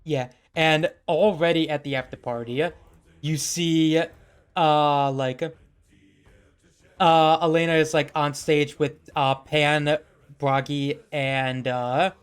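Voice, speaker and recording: A man narrating a tabletop game as its game master. His voice is on the high side, and he rambles along with lots of fillers. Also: steady tone, slow pace, clear, resonant tone.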